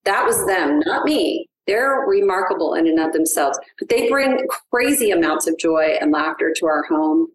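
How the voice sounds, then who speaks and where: A middle-aged woman, a guest on a podcast, telling family stories in an eager, animated way. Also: lowish voice, moderate pace, hardly any pauses. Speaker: guest, adoptive mother. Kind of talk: casual podcast interview. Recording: roomy echo.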